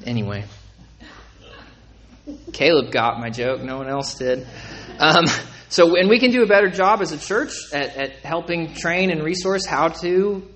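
A man's voice: fairly high pitch, animated, a little slow, a bit bright, rough recording. A man preaching a sermon to his congregation in a conversational way, often asking them if they agree. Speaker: pastor.

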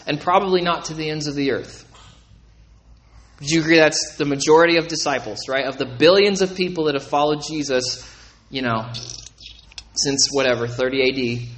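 A man's voice: medium pitch, fairly bright tone, low-quality recording. A man preaching a sermon to his congregation in a conversational way, often asking them if they agree. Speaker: pastor.

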